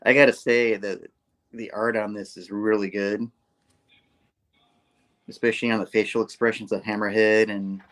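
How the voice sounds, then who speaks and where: A man's voice: fairly low pitch, little pitch movement, normal speed, long pauses, a bit bright. A man hosting a comic book show, casually retelling the story and jumping into character voices. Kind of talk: casual comic review, acting out scenes.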